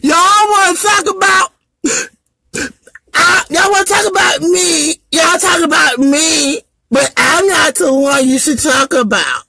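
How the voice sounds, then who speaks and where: A man playing a self-pitying gay man who wails, cries and shouts melodramatically in a live-stream comedy bit. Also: very high-pitched, measured pace, no room sound, heavily acted, poor audio. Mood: wailing. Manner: wailing, crying, melodramatic shouting.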